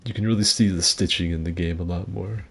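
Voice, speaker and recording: A man's voice: sits low, steady tone, quick pace, vocal fry, breathy edge. A man streaming a video game, chatting casually in a blunt, joking, profane way. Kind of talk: casual gameplay commentary.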